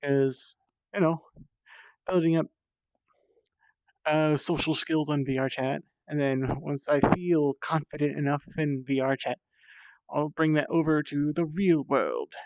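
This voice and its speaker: Guy rambling into his vr headset mic, kinda high voice, worn out and thirsty, dry dull lo-fi sound. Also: unhurried, long pauses, darkish tone, no echo. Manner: chatty and self-deprecating, swears when strained. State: tired and thirsty from climbing. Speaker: VR streamer. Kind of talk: casual rambling while playing.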